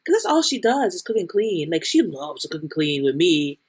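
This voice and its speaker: A woman voicing a starry-eyed young woman, a new girlfriend, who gushes in a high voice while retelling a clip on a podcast. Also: sing-song, a little fast, a little mellow, slightly rough. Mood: gushing.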